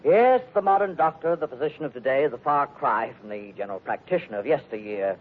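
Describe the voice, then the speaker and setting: A man's voice: mid-range voice, lively intonation, quick pace, close to an everyday voice. An actor playing a pompous, fussy doctor in a 1940s radio drama, hemming and hawing as he lectures. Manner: pompous, hesitant with uh's. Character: fussy, smooth-talking male doctor, pompous. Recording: tinny old radio broadcast.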